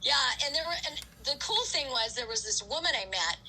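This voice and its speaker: A middle-aged woman as a podcast guest, telling a story in a casual, animated way, full of "like" and acted-out quotes. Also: high-pitched, brisk, a little hiss or hum, poor audio. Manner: animated storyteller, acts out quoted voices, frequent "like". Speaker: guest ultrarunner.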